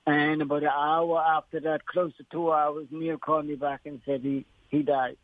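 A man guest on a call telling an emotional personal story, halting and restarting often. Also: on the high side, little pitch movement, dry recording. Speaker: guest, former horse exercise rider. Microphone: telephone. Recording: tinny phone line.

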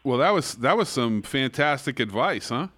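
A man's voice: medium pitch, animated, moderate pace, fairly bright tone, no room sound. A man, a horse trainer, hosting a casual interview in an easygoing way and laughing along.

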